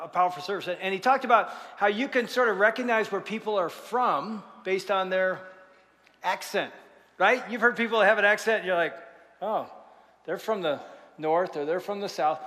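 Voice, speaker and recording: A pastor with a high-pitched voice preaches a sermon in a large church, his words carrying a big-room sound. He tells lively stories and jokes with the congregation.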